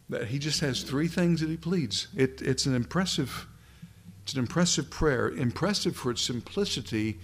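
A man preaching a sermon, earnest and pleading, often repeating words as he builds a point. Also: mid-range voice.

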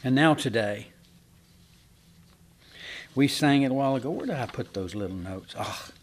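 Speaking at a moderate pace in a lively mid-range voice, this preacher keeps his sermon conversational and homespun. He poses questions to the congregation and often restarts what he's saying.

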